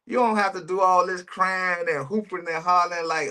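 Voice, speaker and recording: A man's voice: sits high, steady tone, moderate pace, sharp tone. A man giving casual reaction commentary in a preachy, emphatic way, repeating his phrases and using slang. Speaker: reaction streamer.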